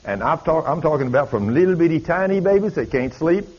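A man's voice: a little high, animated, fast talker, slightly rough. A male preacher, telling stories in a folksy, emphatic drawl. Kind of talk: sermon storytelling. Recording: dull lo-fi recording.

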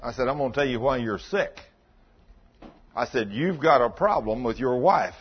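A man's voice: normal speed, husky. A man preaching a sermon, telling stories in a folksy way and acting out the dialogue. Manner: folksy, acts out dialogue, drops to low intense tones. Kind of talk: sermon storytelling. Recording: dull lo-fi sound.

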